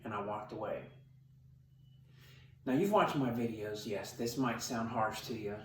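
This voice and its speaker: A man's voice: lowish voice, measured pace, slight background noise. Blunt middle-aged man in a roomy space. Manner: blunt, emphatic, tough-talking. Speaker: corrections sergeant and trainer. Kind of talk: instructional talk to camera. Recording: roomy sound, mic at a distance.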